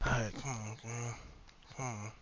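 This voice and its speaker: A man's voice: mid-range voice, fairly even intonation, unhurried, muffled recording, background noise. A man vlogging while he sews, rambling and cursing to himself in a casual, muttered way. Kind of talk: casual self-talk while sewing.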